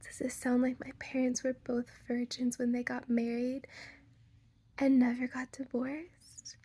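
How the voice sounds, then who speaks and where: A woman's voice: high-pitched, monotone, a little slow, mellow, husky. A young woman with an American Valley girl accent, talking casually to camera, full of "like" fillers, playful asides and half-whispered lines. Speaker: vlogger.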